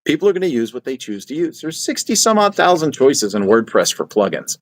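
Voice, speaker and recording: An older man talking casually to his audience, sharing advice in a folksy, repetitive manner. His voice sits at an ordinary middle pitch, and he often acts out little quotes of what he would say. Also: very animated, a little fast. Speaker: channel host.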